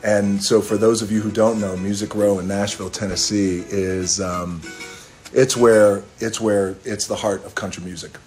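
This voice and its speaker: A low-voiced middle-aged man rambles through a story on a phone live stream, relaxed and casual. He curses offhandedly and now and then bursts into a snatch of song. Faint music plays underneath. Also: moderate pace. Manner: laid-back, rambling, swears casually, breaks into singing. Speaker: livestream host telling a story. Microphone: phone camera.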